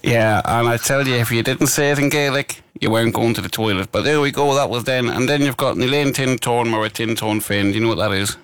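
A man's voice: medium pitch, quick pace, few pauses, a bit bright, smooth, no echo. A man from Ireland hosting a live radio show, chatting in a rambling, friendly way. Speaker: radio host. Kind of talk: casual live radio chat.

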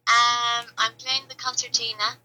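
A woman from County Clare, a traditional musician, chatting relaxed and a bit hesitant as a radio phone-in guest. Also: fairly high pitch, measured pace, faint music behind, poor audio. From County Clare, Ireland. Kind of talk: casual radio phone chat.

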